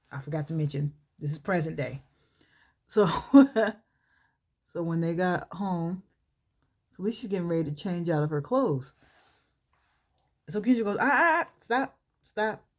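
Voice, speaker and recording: A woman vlogger reading her own short story aloud in a relaxed way while doing her makeup, chuckling and stopping to comment on it. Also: fairly low pitch, unhurried, pauses often. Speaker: vlogger and author.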